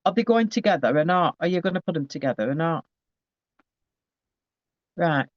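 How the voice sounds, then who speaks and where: A man, giving a chatty, halting psychic reading to a sitter, often restarting his phrases. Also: a little high, lively intonation, no echo. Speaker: psychic medium. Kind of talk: live spirit reading to a sitter. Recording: slightly dull, dry recording.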